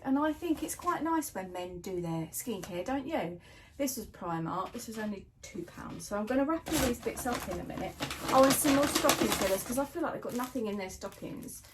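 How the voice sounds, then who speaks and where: A middle-aged British woman chatting casually to her viewers as a lifestyle vlogger at home, rambling and friendly. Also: high-pitched. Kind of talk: casual chat to camera. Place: at home, in a home office. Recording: noisy home recording.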